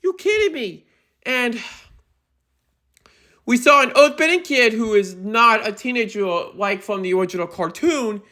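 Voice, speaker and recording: A young adult woman giving an exasperated movie review rant. She speaks emphatically and often breaks into shouting. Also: a little high, expressive, unhurried, long pauses.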